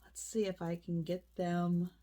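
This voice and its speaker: Woman, vlogger, casual unboxing chat, full of oohs and gasps, unhurried. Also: lowish voice, level tone, mellow. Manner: slow, exclaiming, lots of oohs and gasps. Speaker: reseller vlogger.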